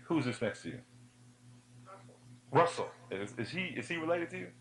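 A man giving an energetic youth sermon, telling funny stories and speaking straight to the audience. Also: fairly high pitch, moderate pace, slight background noise, rough recording. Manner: animated storytelling with humor; addresses the audience directly.

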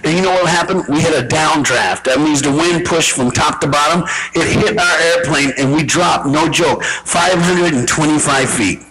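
A man telling a comic story on stage, animated and mimicking voices, laughing as he goes. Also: fairly high pitch, moderate pace, hardly any pauses, low-quality recording. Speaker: Christian comedian. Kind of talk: stand-up comedy story. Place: large hall with live crowd. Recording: crowd noise from live audience. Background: audience.

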